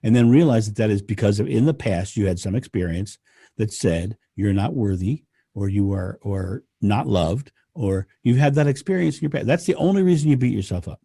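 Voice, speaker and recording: A man, a podcast guest, talking in casual conversation, animated and laughing often as he rants. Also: on the low side, a little fast, vocal fry, husky, no room sound, studio quality.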